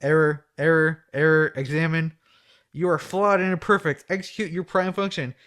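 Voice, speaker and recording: Cold robot probe, flat, repetitive; man reads it. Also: fairly high pitch, normal speed, natural voice. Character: male spaceship computer probe, cold, rigid.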